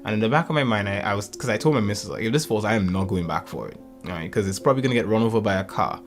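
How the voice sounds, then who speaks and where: A man in his thirties casually telling a lively story about his kids, acting out their lines and laughing often. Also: on the low side, very fast, faint music behind. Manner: animated, acts out family quotes, laughs often. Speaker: podcast co-host.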